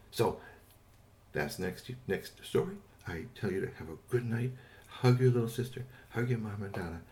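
A man telling an improvised bedtime story to a child, relaxed and unscripted. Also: low-pitched.

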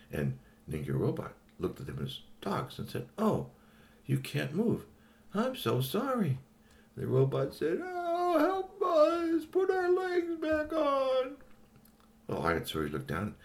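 A man narrating a children's story, animated, with chatty asides and sudden high exclamations. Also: gravelly.

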